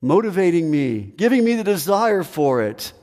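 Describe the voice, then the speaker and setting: A man's voice: sits high, big pitch swings, normal speed, darkish tone, in a large hall. A male pastor preaching a sermon in an earnest, repetitive way.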